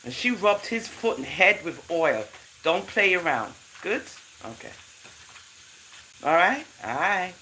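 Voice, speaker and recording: A woman's voice: on the low side, takes it slowly, slight background noise, poor audio. A woman with a Jamaican accent hosting a casual livestream, reading scripture aloud in a preachy way and thanking viewers by name. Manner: animated, preachy, addresses chat viewers by name. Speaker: livestream host.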